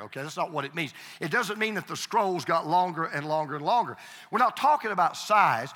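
Male pastor, bright, sharp-edged voice, emphatic sermon delivery, long hall reverb. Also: high voice. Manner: emphatic, repeats phrases, calls for congregation response. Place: church sanctuary.

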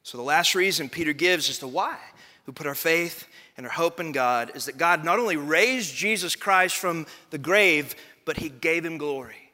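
Bright-voiced man preaching a sermon. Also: on the high side, animated, normal speed, big-room sound. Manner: emphatic, swelling into loud proclamation. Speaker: pastor.

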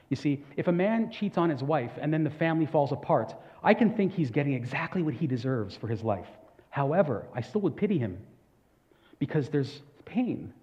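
A man's voice: fairly high pitch, warm tone. A man preaching a sermon as pastor, earnest and conversational, with asides and questions to the congregation. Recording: echoey hall, dull lo-fi sound.

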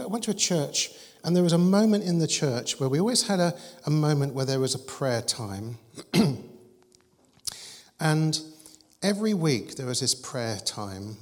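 Preacher in a reverberant church. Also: male voice, on the high side, normal speed. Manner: conversational storytelling preacher, animated and humorous. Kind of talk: sermon. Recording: long hall reverb.

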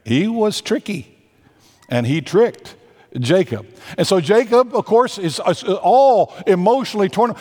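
A man's voice: high-pitched, expressive, a little slow, a little mellow, in a large hall. A man preaching a sermon, emphatic, repeating phrases and restarting as he makes his points. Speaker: pastor.

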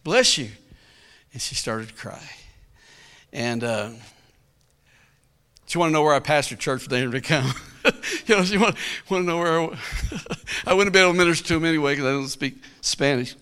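A man's voice: on the high side, brisk, pauses often, a bit bright, clean tone. A male pastor telling a story in a sermon, in a folksy, colloquial way, chuckling often.

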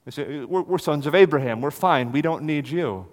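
A man's voice: fairly high pitch, lively intonation, moderate pace. Man preaching in a reverberant hall. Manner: dramatic swings from loud to hushed. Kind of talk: expository sermon.

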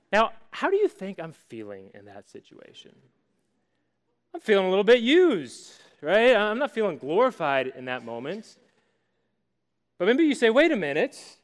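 A man delivering a sermon with an animated storytelling manner, lingering on key words and pausing for effect. His voice sits a little higher than most men's. A long reverb from a large hall trails after every phrase. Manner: animated storytelling with dramatic pauses. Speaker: pastor.

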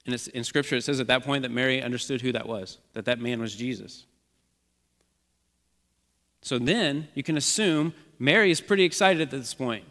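A man's voice: mid-range voice, normal speed, a bit bright, big-room sound. A man preaching a sermon as the church's pastor, speaking with an earnest, repetitive preaching cadence.

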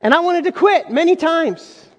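A man's voice: very high voice, animated, normal speed. A man preaching a sermon as pastor, talking conversationally and addressing the congregation with asides. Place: church sanctuary. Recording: long hall reverb.

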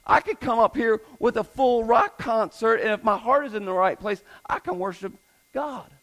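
A man's voice: very high voice, normal speed, fairly bright tone, rough recording. A man preaching a sermon as pastor, emphatic, repeating his points and asking the congregation rhetorical questions.

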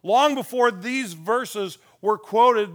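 A man, a pastor, giving a conversational sermon with personal stories, dropping softly on key points. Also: high voice, slow. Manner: folksy, tells personal stories with chuckles.

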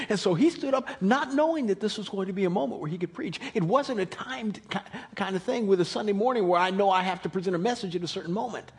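A man preaching a sermon with lots of energy, acting out the Bible characters and swinging from hushed lines to loud ones. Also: sits high, fast talker, hardly any pauses, slightly rough. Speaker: pastor.

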